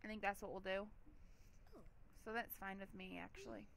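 A woman's voice: medium pitch, level tone, normal speed, vocal fry, fairly bright tone, a little hiss or hum. A woman hosting a let's play, giving chatty, giggly gameplay commentary with a lot of "like".

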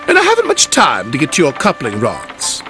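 A man putting on a snooty old lady steam truck, squeaky high. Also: huge pitch swings, moderate pace, over music. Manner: haughty, rude, scolding.

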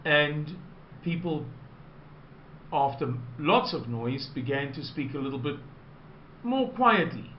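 A South African man recounts a personal story in an unhurried, rambling way, at a deliberately slow pace and a slightly high pitch. The recording is roomy and a little dull, with a faint hiss under the voice. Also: expressive.

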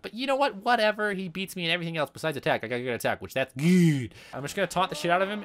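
A young man in casual, profane let's-play commentary, excitable and joking. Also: high voice. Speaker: gaming YouTuber.

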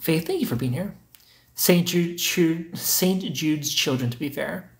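A man's voice: fairly high pitch, unhurried, vocal fry. A young man, hosting a casual livestream, reading chat comments aloud and teasing viewers in a joking way.

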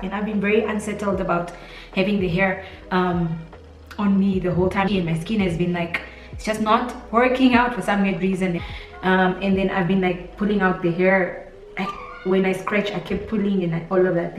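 A young woman with a Namibian accent gives an intimate heart-to-heart vlog talk, emotional and close to tears, rambling with lots of "like" and "literally". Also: medium pitch. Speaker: beauty vlogger. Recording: roomy echo, distant mic, faint music.

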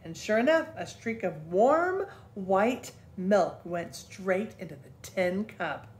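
An older woman, a grandmother, gently reading a children's book aloud as a storyteller. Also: medium pitch, expressive, slow pace, reverberant.

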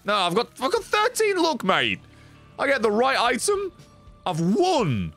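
A streamer jokes his way through a video game, excitable and swearing constantly, with game music playing behind him. His voice is very high-pitched, somewhat creaky, and a little slow.

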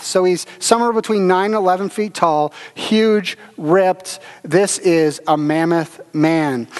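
A man's voice: high voice, big-room sound. A man pastor giving a conversational sermon at a church service, telling stories with chuckles and filler words.

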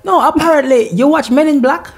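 A man with a Jamaican accent, a comedian chatting as a radio interview guest, joking and swinging between loud lively bursts and quiet mutters. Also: extremely high pitch, a little fast, soft background music. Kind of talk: casual radio interview chat.

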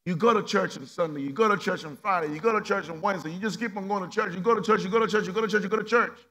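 A male pastor preaches a passionate, rapid-fire sermon, swinging from loud emphatic peaks to hushed low passages. He repeats rhetorical questions throughout.

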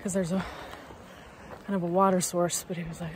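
A woman's voice: on the low side, fairly even intonation, quick pace, background noise. A young woman from Canada chatting upbeat to her camera outdoors on a hiking trail, telling a story with lots of fillers. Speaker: hiker vlogger. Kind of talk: casual chat to camera.

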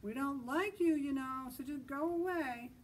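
A woman's voice: medium pitch, level tone, normal speed, breathy edge, far from the mic. A woman voicing a sulky, dismissive zebra in a children's storytime reading, scornful.

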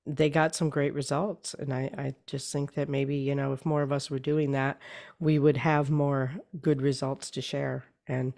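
A woman author talking in a casual interview, hoarse and losing her voice, often clearing her throat and repeating words as she thinks. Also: extremely low pitch, little pitch movement, unhurried, a little mellow. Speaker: author guest.

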